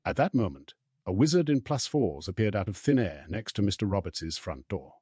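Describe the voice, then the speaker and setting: A man narrating an audiobook in a steady, storytelling read. His voice sits deep and a little husky. The sound is dry and close. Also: a little fast, dry recording.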